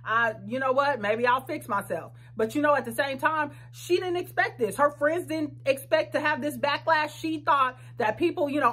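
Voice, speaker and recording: A woman talking in a casual reaction vlog, blunt, sassy and profane, with quick talkative asides. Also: high voice, a bit bright. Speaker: vlogger reacting to a reality show.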